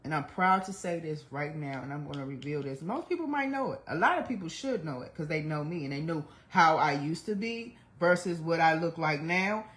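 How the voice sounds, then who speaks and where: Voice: medium pitch, expressive, fairly quick, hardly any pauses, a bit bright. Blunt forty-something streamer, swears a lot, open and emotional, talking straight to viewers. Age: 40s. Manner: candid, blunt and heavily profane; emotional, speaks of trying not to cry. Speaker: livestream host. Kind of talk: confessional livestream monologue.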